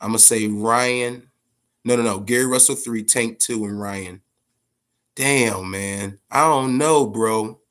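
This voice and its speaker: A man hosting a boxing podcast, talking casually and profanely, telling stories in an animated way with big swings in pitch. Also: slow. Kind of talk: casual unscripted commentary.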